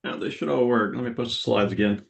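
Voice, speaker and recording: A man's voice: medium pitch, quick pace, gravelly. Patient male presenter in an echoey room. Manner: patient, instructional. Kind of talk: webinar presentation. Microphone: video call.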